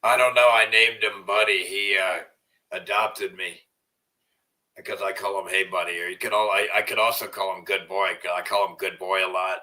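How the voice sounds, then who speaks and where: A man's voice: low voice, fairly even intonation, normal speed, recorded from a distance, poor audio. A man talking casually to camera in a profane, rambling way, repeating himself, and at times cooing to his dog. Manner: soft cooing baby talk to his dog. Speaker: vlogger.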